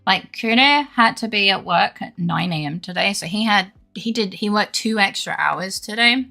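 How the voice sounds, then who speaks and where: A woman's voice: medium pitch, lively intonation, moderate pace, vocal fry, bright, forceful tone. A woman chatting casually with her viewers on a live stream, swearing freely and laughing often.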